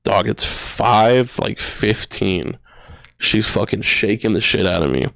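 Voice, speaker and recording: A man's voice: fairly low pitch, slow pace, creaky, fairly bright tone, dry recording. A young man in his twenties, a podcast guest, telling a personal story in casual slang, full of "bro" and "dude" and swearing. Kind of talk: emotional storytelling. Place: podcast studio.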